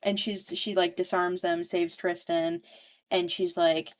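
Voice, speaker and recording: A woman's voice: lowish voice, flat delivery, unhurried. A woman giving a casual, chatty book recap, swearing freely and saying "like" constantly. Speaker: book podcast host or guest.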